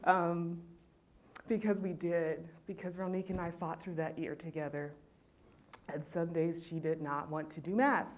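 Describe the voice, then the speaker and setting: Panel speaker, woman, low register, heartfelt and emotional storytelling. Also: normal speed, a little mellow. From California.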